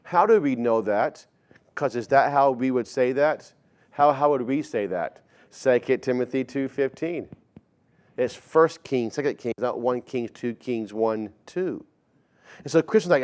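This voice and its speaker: A man's voice: mid-range voice, lively intonation, a little slow, a little mellow. A man in his forties preaching a sermon in a conversational storytelling way, often stammering and repeating words. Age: 40s. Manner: acts out quoted dialogue in shifting voices.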